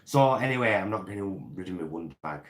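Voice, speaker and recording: Very deep-voiced chatty man. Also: expressive, fast. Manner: rambling, chatty, reads out viewer comments. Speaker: vlogger. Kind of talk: live chat with viewers.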